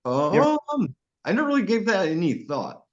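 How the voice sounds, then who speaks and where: A man's voice: high-pitched, big pitch swings, normal speed. A man chatting casually as interviewer, swearing often and laughing easily. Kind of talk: casual chat. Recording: dull lo-fi recording.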